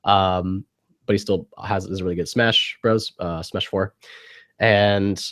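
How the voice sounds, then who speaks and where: A man's voice: deep voice, fairly even intonation, unhurried, a bit bright. A young man co-hosting a casual tech show over a video call, talking in a loose, rambling, jokey way while congested from a cold. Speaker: podcast co-host. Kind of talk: casual chat.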